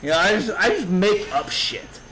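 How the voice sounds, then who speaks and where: A man in his thirties telling a brash, profane story in a casual, animated way. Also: high-pitched, moderate pace, rough recording. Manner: brash, profane, animated retelling with quoted voices. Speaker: streamer.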